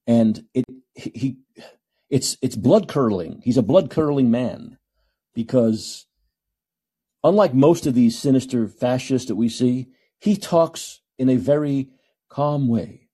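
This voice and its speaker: A man's voice: medium pitch, expressive, unhurried, mellow, husky. A middle-aged man hosting a solo podcast, ranting in a combative, sarcastic way. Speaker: podcast host. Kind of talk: solo call-in podcast commentary.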